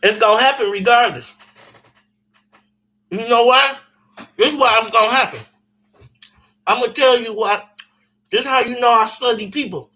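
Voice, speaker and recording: Man, high-pitched voice, bright tone, animated, profane, repetitive storyteller, casual chat. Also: moderate pace, pauses often, rough recording.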